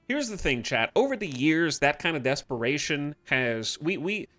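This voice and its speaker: A man chatting casually on a live stream, joking and animated, laughing often. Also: a little high, no room sound.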